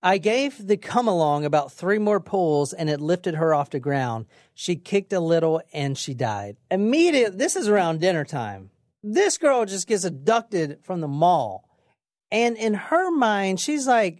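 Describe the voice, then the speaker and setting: Lively, blunt woman telling a crime story. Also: deep voice, dry recording, studio quality. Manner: casual, blunt, swears, lively retelling. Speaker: podcast host.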